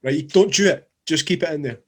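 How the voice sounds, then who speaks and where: A man with a Scottish accent co-hosting a podcast, teasing his partner in a wry, relaxed way. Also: a little high, fast, breathy edge. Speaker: podcast co-host. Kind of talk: casual chat.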